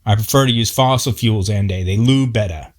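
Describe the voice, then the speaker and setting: A man voicing a gruff, short-tempered working man with blunt, profane backwoods talk. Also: fairly low pitch, brisk, natural voice.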